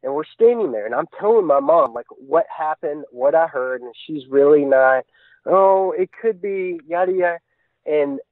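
A man's voice: on the high side, dry recording. Earnest man telling a story over a tinny phone line. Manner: earnest, tumbling run-on retelling. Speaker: guest recounting an encounter. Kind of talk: casual storytelling.

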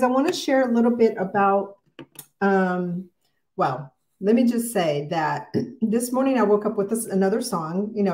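A woman's voice: medium pitch, darkish tone, reverberant. A middle-aged woman hosting a casual morning devotional livestream, talking in an emotional, rambling way with many fillers.

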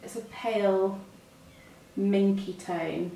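A woman's voice: medium pitch, fairly even intonation, slow pace, vocal fry, mellow, slight background noise. A woman with a British accent, a makeup artist chatting through each step as she works. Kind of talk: makeup demonstration. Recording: echoey room, mic a bit far.

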